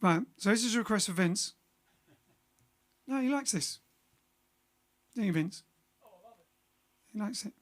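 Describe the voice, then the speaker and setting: A man's voice: high-pitched, animated, a little slow, long pauses, long reverb tail. A man hosting a band livestream, chatting casually between songs in a jokey, rambling way. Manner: jokey, rambling, plays with words. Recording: band music behind the voice.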